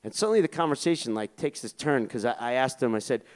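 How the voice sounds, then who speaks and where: A man's voice: mid-range voice, animated, quick pace, a little mellow. A man casually telling a long personal story as an interview guest, rambling with lots of fillers and swearing. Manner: profane, rambling, filler-heavy.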